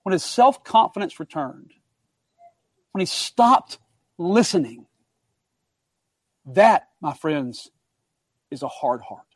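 Man, preacher, high-pitched, dry sound, emphatic sermon. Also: big pitch swings, slow pace, pauses often, husky, dry recording. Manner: earnest, emphatic, builds up and drops to quiet asides.

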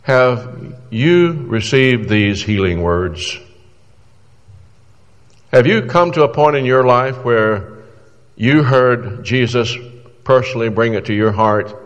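A man's voice: medium pitch, expressive, slow pace, pauses often, in a large hall, dull audio. A man preaching a sermon in an earnest, exhorting way, pleading with his listeners through questions.

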